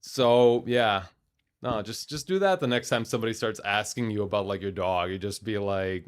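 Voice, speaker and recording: A young man co-hosting a podcast, chatting casually and telling animated, profane stories. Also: on the low side, moderate pace, clear, resonant tone. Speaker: podcast co-host. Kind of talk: casual chat.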